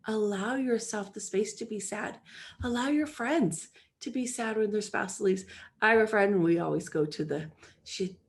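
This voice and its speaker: A woman's voice: mid-range voice, normal speed, vocal fry. A woman in her forties, a life coach hosting a solo podcast, talking earnestly and encouragingly and acting out the voices in her head.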